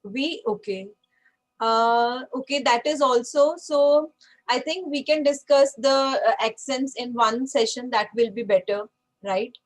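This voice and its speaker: Woman, patient online language teacher, slightly high pitch. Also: measured pace, low-quality recording. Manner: patient, checks in with frequent okays. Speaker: French teacher.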